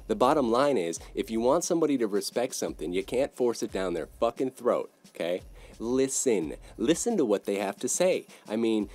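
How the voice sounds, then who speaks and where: A man hosting a sports podcast, ranting in a brash, profane, casual way, swinging between loud outbursts and low muttered asides. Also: big pitch swings, brisk, dry recording.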